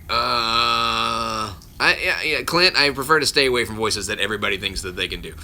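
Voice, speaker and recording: Speaking unhurriedly in a fairly low, bright, forceful voice, a voice actor answers viewer questions on a casual phone livestream from home while his children are around. He rambles, frequently breaks off mid-thought, and chuckles between replies.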